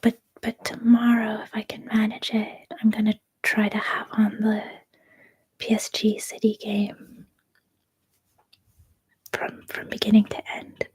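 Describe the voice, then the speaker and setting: A Canadian woman in her thirties, whispering a soft-spoken, rambling ASMR livestream chat. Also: medium pitch, monotone, a little slow, pauses often, slightly rough. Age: 30s. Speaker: ASMR streamer.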